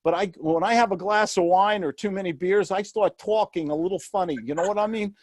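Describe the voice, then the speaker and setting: Lively New York man, dry close sound. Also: sits high, a little fast, no echo. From New York City. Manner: lively, acts out quoted voices, asks himself questions. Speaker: guest, real estate and sales mentor. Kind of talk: animated interview talk.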